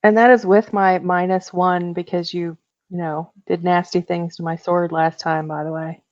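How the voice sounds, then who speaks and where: A woman's voice: on the low side, level tone, moderate pace, a little mellow, dry recording. A woman playing a tabletop game, hesitant with fillers, on a dull lo-fi mic. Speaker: player.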